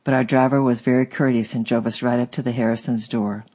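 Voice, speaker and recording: Husky guy reading an audiobook, measured pace, kinda dull muffled sound. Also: mid-range voice. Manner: steady, measured storytelling. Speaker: audiobook narrator.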